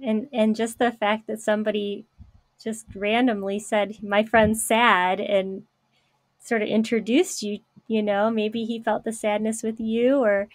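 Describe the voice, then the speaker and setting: A woman's voice: little pitch movement, a little slow, a little mellow, no room sound. A woman hosting an interview, reflecting back on her guest's story in an affirming way. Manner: reflective, affirming, few pitch swings. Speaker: interview host. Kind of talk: casual interview.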